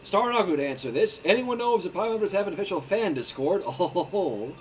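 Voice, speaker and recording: A man's voice: sits high, expressive, brisk, slight background noise. A man hosting a casual voice chat, playful and goofy and often laughing.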